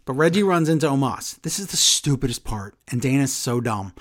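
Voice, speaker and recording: A man casually chatting as a podcast co-host, recapping wrestling in an animated way and acting out quotes. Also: mid-range voice, brisk. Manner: animated recapping, acts out quotes in shifting voices. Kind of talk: casual chat.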